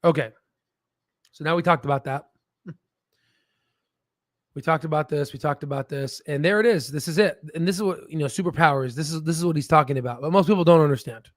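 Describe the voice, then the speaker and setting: A man's voice: fairly high pitch, a little fast, long pauses, dry recording. A man hosting a stock market video in a casual, rambling, jokey way, often tossing in "right?".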